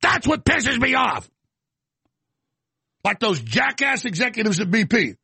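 A middle-aged man hosting a radio talk show, ranting and shouting with a gravelly, raspy voice. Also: very high-pitched, very animated, no echo. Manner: shouting, ranting, fast restarts. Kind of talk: heated on-air rant and call-in.

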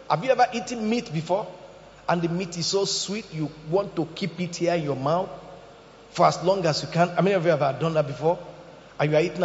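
A man preaching a sermon as pastor, animated, acting out quotes and jokes. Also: high voice. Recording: echoey hall, dull lo-fi sound.

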